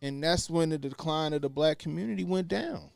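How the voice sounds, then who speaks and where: Gravelly, blunt-talking man. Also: a little high, fairly quick, a little mellow, no echo, faint music behind. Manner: blunt, profane, repeats points for emphasis. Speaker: podcast co-host. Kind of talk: casual opinionated commentary.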